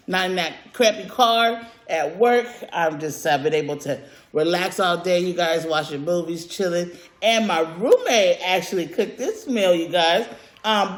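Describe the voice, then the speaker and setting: Animated woman chatting in an echoey room. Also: lowish voice, noisy background. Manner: animated, gushing, lots of fillers and mm sounds. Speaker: mukbang vlogger. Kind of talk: casual eating vlog chat. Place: at home, indoors.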